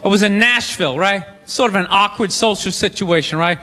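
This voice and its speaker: A man does stand-up and tells his story in a loose, conversational way that builds to the punchline. His voice is high, with a bright, forceful edge. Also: a little fast. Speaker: comedian.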